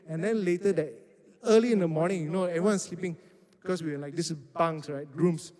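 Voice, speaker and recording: High-voiced man preaching. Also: brisk. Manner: animated storytelling with acted-out quotes. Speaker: youth pastor. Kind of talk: sermon. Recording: reverberant hall.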